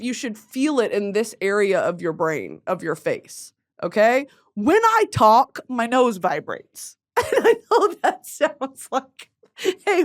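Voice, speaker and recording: A young adult woman hosting a podcast, chatting casually and animatedly, laughing often and swearing freely into a studio mic. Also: a little high. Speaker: podcast host.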